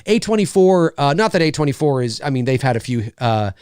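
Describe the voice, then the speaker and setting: A man's voice: mid-range voice, very animated, brisk, darkish tone, clear, resonant tone, no echo. A man hosting a casual livestream from a home studio, rambling and joking as he reads viewer comments on a studio mic. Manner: rambling, joking, lots of fillers. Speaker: livestream host. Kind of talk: casual live chat reading comments.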